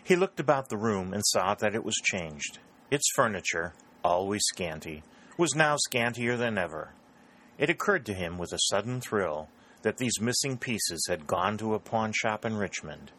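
Deep-voiced male audiobook narrator. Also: animated, normal speed, bright, forceful tone, poor audio. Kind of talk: scripted narration.

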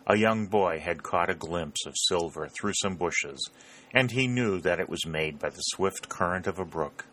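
A man narrating an audiobook in a steady, clear storytelling manner. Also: low-pitched, normal speed. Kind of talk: scripted narration.

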